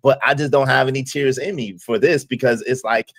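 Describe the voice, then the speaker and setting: A man hosts a live stream in quick, casual chat. He reassures the others in an easygoing way and restarts his sentences often. His voice is close and dry, with no room around it. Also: medium pitch, steady tone, dry recording. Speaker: stream host.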